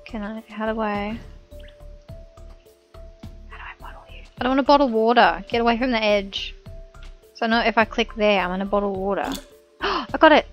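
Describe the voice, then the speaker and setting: A woman's voice: mid-range voice, steady tone, fairly quick, pauses often, highs cut off, faint music behind. Giggly woman chatting over a game. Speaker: gaming YouTuber. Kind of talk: casual let's-play commentary.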